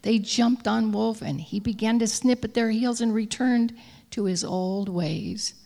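A woman tells a story slowly, letting her words drag out and sink into a hushed whisper. Her voice is gravelly and breathy. A long hall reverb trails behind her. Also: fairly high pitch, fairly even intonation. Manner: slow, drawn-out reading that drops often to a soft whisper. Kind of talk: read-aloud storytelling.

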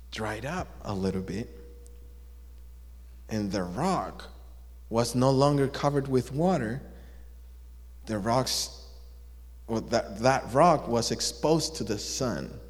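A man telling a story to listeners in an animated, drawn-out way, asking them questions as he goes. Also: on the low side. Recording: long echo of a large hall.

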